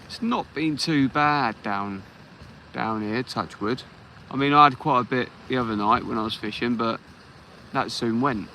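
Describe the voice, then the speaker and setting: On a beach at night, an English man runs a fishing livestream, casually chatting with viewers while he fishes and greeting them by name. He speaks a little slowly in a medium-pitched voice that sounds pushed and bright. The low-quality recording carries a little hiss or hum.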